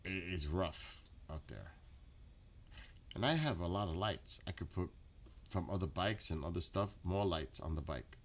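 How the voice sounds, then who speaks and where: A man's voice: low voice, expressive, measured pace, a little hiss or hum. A man, chatting casually and profanely to his late-night stream audience. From New York. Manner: rambling, profane, laughs loudly.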